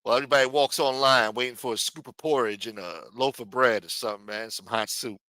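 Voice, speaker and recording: A man rambles through a casual livestream, cursing freely and ending half his sentences with "man." His voice is bright and forceful, and the sound is close and dry. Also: mid-range voice, quick pace, smooth, dry recording. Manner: rambling, profane, says "man" a lot. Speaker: livestream host.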